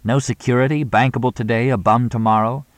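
A man voicing a glamorous female film star, brisk and put-upon. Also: medium pitch, very animated, no echo, voice pushed up, lightly acted. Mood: exasperated.

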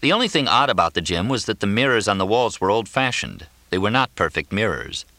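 A male narrator reads a novel aloud in a low, deep voice with a lively, expressive lilt. His tone is bright and crisp, and the recording is dry and close, with no room sound. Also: brisk, dry recording. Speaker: audiobook narrator. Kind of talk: scripted narration.

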